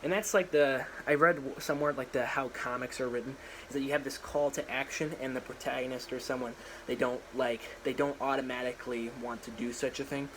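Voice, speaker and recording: A man's voice: medium pitch, fairly even intonation, a little fast, background noise. A young man casually rambling through his own story idea in a slangy, filler-heavy monologue, recorded in a small room at home.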